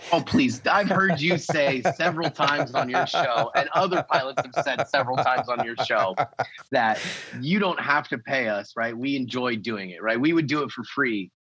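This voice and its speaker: A man's voice: mid-range voice, moderate pace, bright, forceful tone, slightly rough, poor audio. A man appearing as a guest pilot on an aviation podcast, speaking emphatically in casual conversation. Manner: emphatic, laughs easily.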